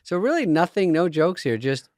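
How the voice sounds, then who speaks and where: Wry, smooth-voiced male podcast host. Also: a little high, very animated, moderate pace, darkish tone, dry recording, clean studio sound. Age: 40s. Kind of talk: casual chat.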